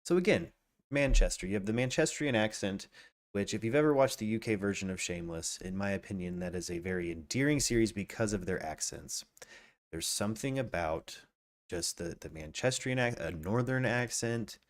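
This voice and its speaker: Deep low guy hosting a true crime stream, reads stuff out then rambles and talks to chat. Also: a little fast. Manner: reads facts aloud then riffs casually, greets chat viewers, many restarts. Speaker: podcast host.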